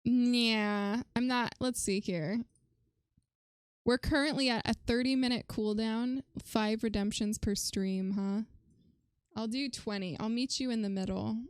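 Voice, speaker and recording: Woman streamer chatting away to chat, kinda high smooth voice, dry close mic. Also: unhurried, dry recording. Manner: chatty and animated, reads chat aloud, frequent "um" and "like". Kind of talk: casual livestream chat.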